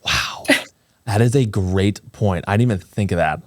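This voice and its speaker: A man in his twenties hosting a podcast, chatting in an animated, playful way. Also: lowish voice, moderate pace, dry recording, clean studio sound. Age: 20s. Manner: animated, playful, slips into comic voices. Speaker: podcast host. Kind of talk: casual chat.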